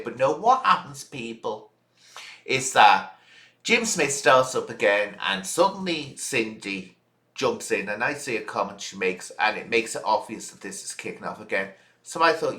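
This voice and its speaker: Male vlogger, forceful bright voice, indignant scolding rant, roomy echo. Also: lowish voice, big pitch swings, moderate pace. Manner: indignant, scolding direct address. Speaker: channel host. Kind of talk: ranting reaction video.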